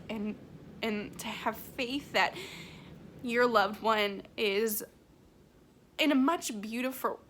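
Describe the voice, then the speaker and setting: A woman working as a medium, talking emotionally in a vlog, close to tears, halting with many restarts and fillers. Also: a little high, fairly bright tone, slight background noise.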